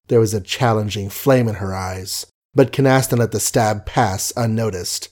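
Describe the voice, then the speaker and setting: A man narrating an audiobook of an old novel in a measured, even storytelling manner. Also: lowish voice. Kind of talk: audiobook reading.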